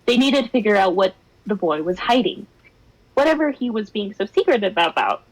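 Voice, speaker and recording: A woman's voice: mid-range voice, very animated, fairly quick, low-quality recording. A young woman streamer reading fan fiction aloud with drama, breaking into laughs and wry side comments. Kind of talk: expressive narration with laughing asides.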